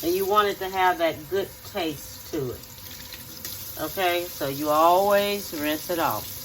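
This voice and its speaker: A woman's voice: lowish voice, measured pace, fairly bright tone, slight background noise. A middle-aged woman in her home kitchen, showing how she cooks in a homey, repetitive way and checking in with "okay?". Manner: homey, repeats steps, checks in with 'okay?'. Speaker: home cook and channel host. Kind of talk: casual cooking demonstration.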